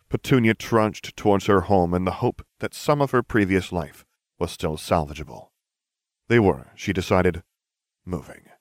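A man reading a fan fiction story aloud as narrator in a dry, even-toned way, switching into lively character voices. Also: deep voice, dry recording.

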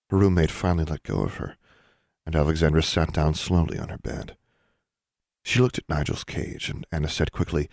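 A man calmly narrating an audiobook. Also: rumbling low, moderate pace, gravelly, no room sound, studio quality. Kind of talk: scripted narration.

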